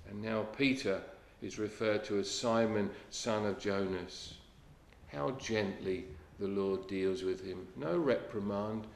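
A man preaching a sermon in an earnest, unhurried way, often dropping to a soft hush. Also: medium pitch. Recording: echoey room.

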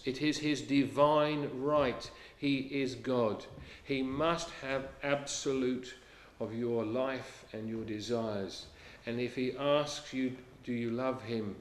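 Slow, earnest male preacher in an echoey room. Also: medium pitch. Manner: earnest preaching, quotes scripture in old English, drops to a hush on key lines. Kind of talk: sermon.

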